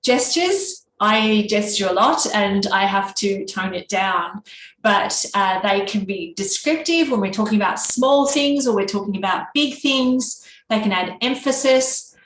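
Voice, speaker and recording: A woman's voice: mid-range voice, measured pace. A woman with a nasal Australian East Coast accent presenting a teacher workshop in an easy conversational way. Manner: can be monotone; conversational, with fillers and restarts. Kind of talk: workshop talk. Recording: echoey room with faint background noise.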